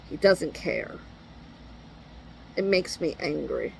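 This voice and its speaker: A woman's voice: on the high side, normal speed, a bit bright, slight background noise, poor audio. A middle-aged woman venting in an exasperated, blunt monologue and swearing freely. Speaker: parent venting.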